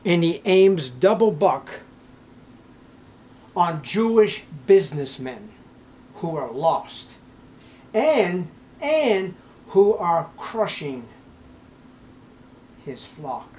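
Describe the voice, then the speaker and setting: Older man, emotional sermon, high-pitched, faint background noise. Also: very animated, very slow, long pauses, a little mellow. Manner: preaching with rising emotional intensity, reading scripture aloud. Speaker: pastor.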